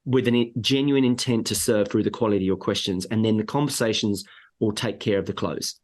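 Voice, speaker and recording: Emphatic sales trainer. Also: male voice, fairly low pitch, a little fast. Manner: emphatic, animated coaching with acted-out buyer quotes. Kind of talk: podcast interview.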